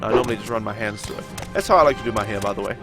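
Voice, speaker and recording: A man's voice: lowish voice, racing, over music. A young man with a nasal voice and a sore throat, chatting casually as he streams a game and answers his viewers. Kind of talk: casual chat during a live game stream.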